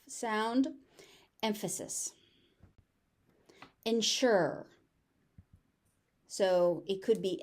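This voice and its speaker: A woman with a General American accent teaching pronunciation, repeating each word slowly and deliberately. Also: mid-range voice, darkish tone. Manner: slow, deliberate word drilling with repeated examples. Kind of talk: pronunciation lesson.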